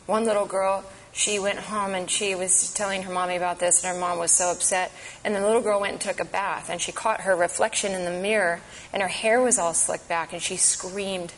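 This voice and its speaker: A woman's voice: mid-range voice, normal speed, a little hiss or hum, low-quality recording. A woman giving an impassioned, emphatic advocacy talk at a church event. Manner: earnest, emphatic, urgent.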